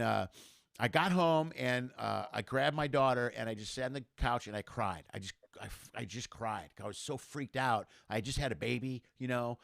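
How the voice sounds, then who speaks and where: Middle-aged male comic guest, rapid animated storyteller, dry close mic. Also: mid-range voice, vocal fry, dry recording. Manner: animated storyteller, acts out quoted voices. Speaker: comedian guest. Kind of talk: casual storytelling chat.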